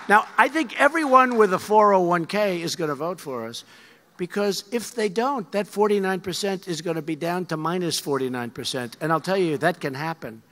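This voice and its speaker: A man's voice: sits high, animated, moderate pace, sharp tone. A man in his seventies giving a rambling, emphatic speech to a crowd, repeating his phrases. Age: 70s. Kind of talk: rally speech. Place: large hall with an audience. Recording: long hall reverb with faint crowd.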